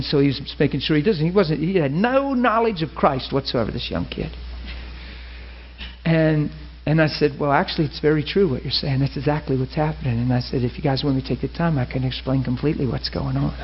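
A man preaching a sermon, telling a personal story and acting out the dialogue with lively feeling. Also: a little high. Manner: animated, acts out dialogue, laughs and cries while telling. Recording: muffled lo-fi recording with faint hiss.

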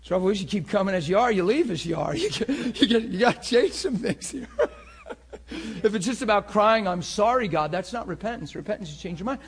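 A man preaching a sermon with passion, moving between loud bursts and hushed, intense talk. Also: high-pitched, animated, fairly quick.

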